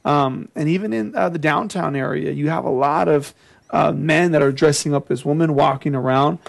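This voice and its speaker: Guy hosting a talk show, lots of uh and um, kinda gravelly voice. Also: a little high. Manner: halting, many fillers and restarts. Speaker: host. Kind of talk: casual interview chat.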